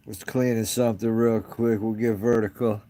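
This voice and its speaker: A man's voice: lowish voice, level tone, moderate pace, warm tone. A man hosting a casual live stream from home on his phone, rambling and greeting viewers as they join. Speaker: livestream host.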